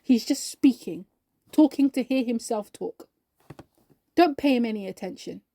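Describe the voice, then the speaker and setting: A self-assured church leader waves off a stranger in a slow, dismissive way, as a woman reads him aloud. The tone stays mellow and close. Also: a little high, expressive, no echo. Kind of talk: storybook character voice.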